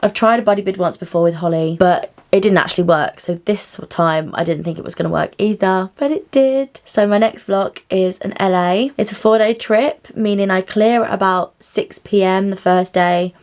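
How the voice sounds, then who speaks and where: A young woman who works as cabin crew, chatting excitedly to camera in a casual vlog. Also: mid-range voice, moderate pace, few pauses. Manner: bubbly and chatty, often squealing with excitement.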